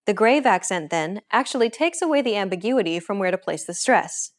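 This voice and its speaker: A woman hosting a language lesson, reading a script in a clear, even, instructive way. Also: medium pitch, brisk.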